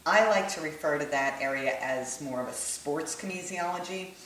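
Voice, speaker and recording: Low-pitched female teacher, chatty explainer, echoey room, mic set back. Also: normal speed, a bit bright, recorded from a distance, a little hiss or hum. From United States. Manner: conversational, checks in with "right?" and "okay?". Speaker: holistic kinesiology teacher. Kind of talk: explanatory lesson to camera.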